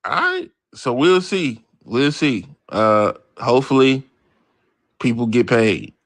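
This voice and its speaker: A man's voice: mid-range voice, slow pace, no room sound. Brash man riffing to his live chat. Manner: brash, animated, reads and answers chat, swears freely. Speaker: livestream host. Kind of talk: casual profane sports talk to live chat.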